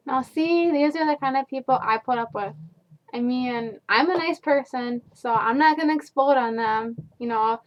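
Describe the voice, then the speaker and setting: A high-pitched young woman rants casually about her customers. She talks in a sarcastic, exasperated, filler-heavy way, recorded on a dull, lo-fi home video. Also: normal speed. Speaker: fast food worker. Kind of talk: casual vlog rant.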